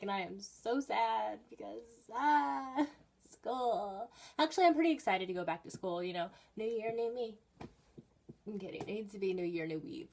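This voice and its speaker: A teenage girl telling stories in a casual, rambling vlog from her bedroom, with bursts of excited emphasis. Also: on the high side. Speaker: vlogger.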